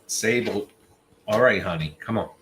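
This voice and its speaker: A man's voice: fairly low pitch, normal speed, a bit bright, slight background noise. A man hosting a casual livestream chat, teasing and joking with his viewers. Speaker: livestream host.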